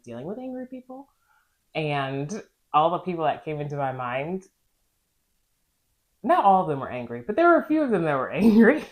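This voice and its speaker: Low-voiced, lively woman podcaster. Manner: laughs often, acts out quoted lines in a raised voice. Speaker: podcast co-host, nurse. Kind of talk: casual chat.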